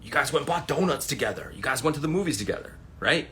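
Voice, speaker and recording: Here the man in his forties speaks quickly at a medium pitch, livestreaming from home on his phone. He spins animated, meandering tales and curses freely along the way.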